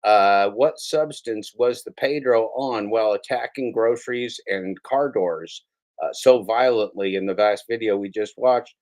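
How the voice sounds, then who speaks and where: A man hosting a livestream, talking in a drawling, sarcastic way with lots of pauses and fillers. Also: fairly low pitch, darkish tone. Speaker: livestream host. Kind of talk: casual livestream chat.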